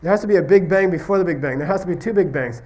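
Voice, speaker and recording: A man with a somewhat raised voice gives a relaxed classroom lecture on Buddhist philosophy. He talks in stories and rapid question-and-answer chains. He checks in often to make sure his students follow. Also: sits high. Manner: repeatedly checks understanding with "okay?" and "you see what I mean?"; tells stories, acting out question-and-answer exchanges.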